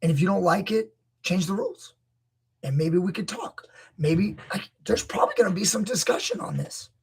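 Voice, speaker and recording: A man coaching grappling, breaking down a wrestling match with emphatic, opinionated commentary that rises to near-shouts when he gets indignant. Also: high-pitched, expressive, normal speed, vocal fry, husky. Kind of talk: video commentary.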